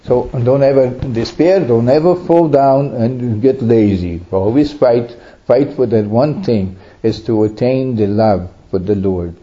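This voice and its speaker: Earnest, mellow-voiced Orthodox priest preaching. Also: male voice, medium pitch, measured pace. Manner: earnest, pleading preaching with emphatic swells. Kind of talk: sermon. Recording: dull lo-fi recording.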